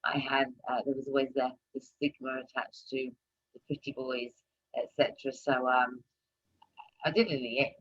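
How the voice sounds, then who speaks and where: A woman hosting a live talk stream, talking casually and turning loud and animated when she presses a point. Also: extremely low pitch, normal speed, husky, muffled recording. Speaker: host of a live talk show.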